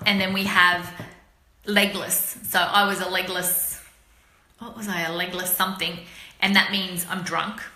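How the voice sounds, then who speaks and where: A woman's voice: medium pitch, pushed and bright, echoey room. A middle-aged Australian woman chatting casually on a live stream, explaining local slang to viewers with laughs. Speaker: author hosting a live stream.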